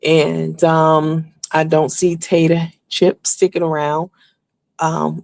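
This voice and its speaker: A woman's voice: low-pitched, steady tone, a little slow, a little mellow, no room sound, studio quality. A woman hosting a casual celebrity gossip rundown, blunt and candid, with frequent filler words. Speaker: gossip show host.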